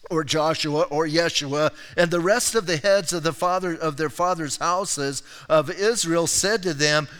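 A pastor delivers a sermon in a slightly high, bright, clean voice at a measured pace. His style is conversational, with rhetorical asides, and he sometimes acts out the voices of the people he quotes. The recording carries a long hall reverb.

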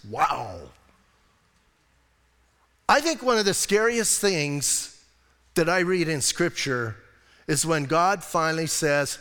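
A man with a high voice preaches a sermon in a reverberant church hall. He reads scripture with animated emphasis, then drops to quiet, hushed asides. The room's long echo trails behind his words. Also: takes it slowly, pauses often. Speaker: pastor.

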